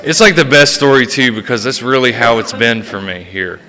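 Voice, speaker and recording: A man's voice: mid-range voice, expressive, brisk, a crowd in the background. A man sharing a personal recovery story at a meeting, profane and self-mocking, laughing at himself as he talks. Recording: reverberant hall.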